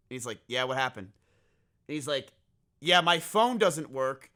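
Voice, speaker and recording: A young man streaming, telling a story in casual chat, swearing freely and acting out what people said. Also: a little high. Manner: animated, swears freely, acts out quotes.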